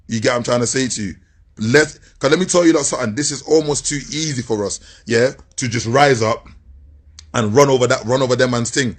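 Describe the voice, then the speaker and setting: A man with a husky voice speaking directly to his people, calmly urging them to keep their composure. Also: medium pitch, fairly quick. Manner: calm, appealing for composure. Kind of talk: direct appeal video.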